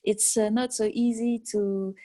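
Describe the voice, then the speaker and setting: A woman with a French accent talks over a video call in a mellow, soft-edged voice. She speaks English haltingly, stopping often and filling pauses while she hunts for words. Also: on the high side, fairly even intonation. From France. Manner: halting, searching for English words with many fillers. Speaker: harmonica player. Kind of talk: online interview.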